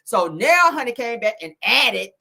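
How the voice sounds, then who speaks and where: A woman's voice: fairly high pitch, big pitch swings, unhurried, vocal fry, sharp tone. A woman hosting casual gossip commentary in a sassy, laughing way, calling the viewer honey and girl.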